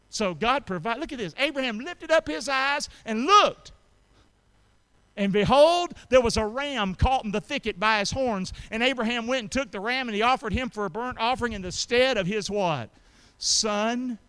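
A man preaching a sermon, calling out to the congregation for responses and swinging between loud emphasis and quiet asides. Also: extremely high pitch, clear, resonant tone. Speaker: pastor.

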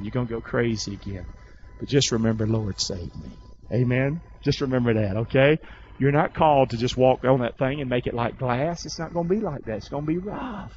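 A man's voice: medium pitch, fairly quick, a little mellow, highs cut off, slight background noise. A pastor preaching a sermon to his congregation, asking them questions and having them repeat words back. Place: church hall with congregation.

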